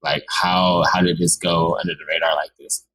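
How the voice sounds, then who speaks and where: A young man co-hosting a podcast in a relaxed, casual way, calling his friends "bro" and "my guys". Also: deep voice, moderate pace, husky, low-quality recording. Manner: laid-back, says "bro" and "my guys". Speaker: podcast co-host. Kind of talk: casual chat.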